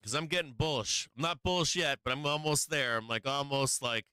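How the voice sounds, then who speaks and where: In his live stock market stream, a man coaches and taunts viewers directly, rambling through brash, profane trading commentary with lots of "right?" and frequent restarts. His mid-range voice is fairly quick, pushed and bright, with a clean tone and no echo.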